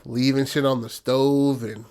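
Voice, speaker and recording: Profane, animated male storyteller. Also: medium pitch, a little slow. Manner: loose, profane retelling with acted-out quotes. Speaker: podcast co-host. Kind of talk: casual storytelling chat.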